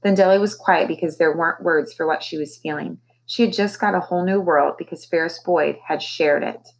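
A woman teacher reading a novel aloud to her class, with expressive, animated storytelling. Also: sits low, brisk, vocal fry, rough recording.

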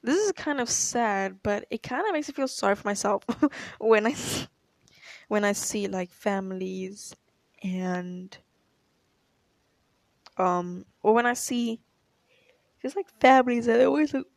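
A woman's voice: mid-range voice, a little slow, vocal fry, pauses often, no room sound. Rambling young woman vlogger. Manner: rambling, hesitant, self-correcting. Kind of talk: casual confessional Q&A chat.

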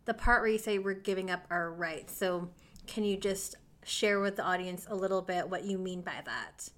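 A woman's voice: fairly low pitch, normal speed, fairly bright tone. Casual, sympathetic woman podcast host. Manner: sympathetic, casual, swears, says "like" often. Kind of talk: casual interview chat.

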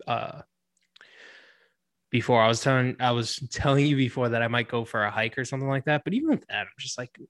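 A man's voice: mid-range voice, fairly bright tone, no echo. A young man from New York, chatting casually as a podcast co-host, laid-back and wry with frequent swearing. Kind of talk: casual chat.

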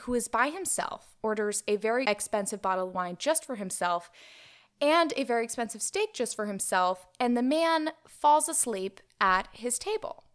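A woman in her twenties, a podcast co-host, tells a story in a casual chat, talking in a chatty way and leaning heavily on "like" as a filler. Her voice is fairly high, animated and smooth, at a normal speed.

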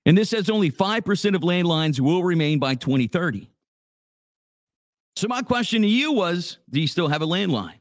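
Chatty, fairly high-voiced male radio host. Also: sing-song, normal speed, no room sound, clean studio sound. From Louisiana. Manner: laid-back, chatty, says dude a lot. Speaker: radio morning show host. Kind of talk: casual live radio talk with ad reads. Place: small home office studio.

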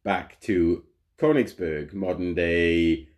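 A man's voice: deep voice, slow pace, a little mellow. A man co-hosting a podcast in casual chat, rambling with many fillers and frequent laughs. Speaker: podcast co-host.

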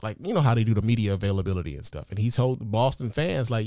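A man's voice: lowish voice, very animated, rapid-fire, mellow, no echo, clean studio sound. Casual, profane male podcast host. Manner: loose, profane, conversational with frequent fillers. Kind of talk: casual commentary monologue.

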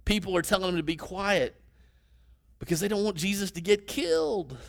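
Male preacher, high voice, conversational teaching delivery with questions to the congregation. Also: moderate pace. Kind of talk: sermon.

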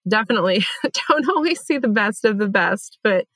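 A woman's voice: medium pitch, lively intonation, moderate pace, fairly bright tone, no echo. A young adult woman co-hosting a podcast, chatting candidly and swearing freely. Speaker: podcast co-host. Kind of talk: casual chat.

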